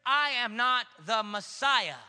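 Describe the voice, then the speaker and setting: A man's voice: very high voice, lively intonation, slow, pushed and bright, smooth, big-room sound, exaggerated voice. A man voicing a bold, plainspoken grown male prophet in a sermon retelling, speaking in an emphatic, declaring way.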